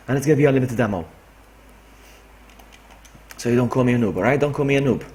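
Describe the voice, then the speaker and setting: A man, streaming a game and talking himself through it while greeting chat. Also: medium pitch. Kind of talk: live gameplay commentary. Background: game music.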